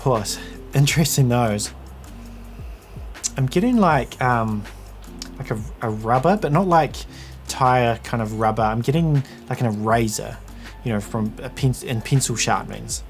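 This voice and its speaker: A man's voice: mid-range voice, unhurried, soft background music. A man giving a casual whisky tasting review, chatting and thinking aloud as he tastes.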